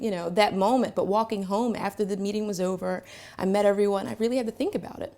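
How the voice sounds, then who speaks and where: A woman telling a personal story to camera, reflective, pausing often on fillers. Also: medium pitch, a little mellow. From Philadelphia, Pennsylvania. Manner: reflective, with frequent filler pauses.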